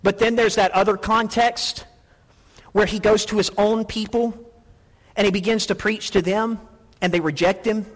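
High-voiced husky man preaching in a hall. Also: normal speed. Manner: storytelling, animated, repeats words when excited. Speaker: pastor. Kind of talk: sermon.

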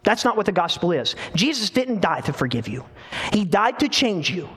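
A man preaching a sermon, telling a scripture story in an animated way and voicing the people in it. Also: high voice, normal speed, breathy edge. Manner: animated storytelling with dramatic voiced quotes. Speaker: pastor.

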